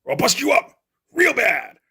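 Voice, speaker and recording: A man's voice: extremely high pitch, huge pitch swings, moderate pace, vocal fry, sharp tone, husky, pitched above the performer's own voice, exaggerated voice. A man doing a bellowing tough-guy comic hero. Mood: threatening. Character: comic-book Mister T, tough male brawler hero.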